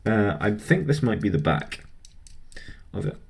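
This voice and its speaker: A man's voice: lowish voice, very animated, a little slow, gravelly, husky. A young man rambling casually about his week while building a model kit, chatty and self-deprecating.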